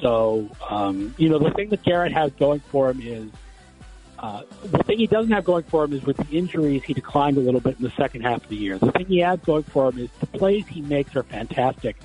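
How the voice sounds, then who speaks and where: A male football analyst answers a radio interview question at mid pitch. He explains in a measured way with a few filler words, while faint music plays behind his voice. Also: animated, poor audio.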